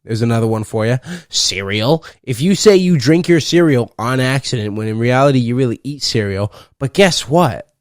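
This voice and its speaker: A man's voice: medium pitch, expressive, normal speed, no room sound. A young man rambles through a solo podcast, swearing freely and joking around. His voice sits in an ordinary middle register. The sound is dry and close, with no room around it. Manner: profane, rambling, playful with bursts of loud laughter. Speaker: podcast host. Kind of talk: casual solo podcast rant.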